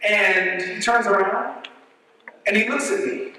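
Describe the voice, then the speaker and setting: A man preaching a sermon as a church elder, sharing personal testimony, moving between quick asides and slow emphatic lines. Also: high-pitched, sharp tone. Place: church sanctuary. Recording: church hall with long reverb.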